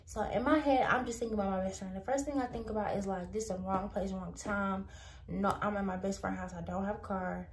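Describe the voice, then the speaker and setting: Young woman, storytime vlog, animated, says "like" a lot, roomy echo, middle pitch. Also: fairly quick, far from the mic, slight background noise. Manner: animated, repeats "like" and "I'm like". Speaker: vlogger. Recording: echoey room.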